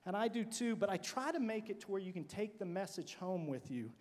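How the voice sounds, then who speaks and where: A man with a high voice delivers a keynote to a student conference. He is an animated, joking storyteller who swings between loud bursts and quiet asides. His voice carries a long reverb from a big hall. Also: brisk. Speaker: motivational speaker.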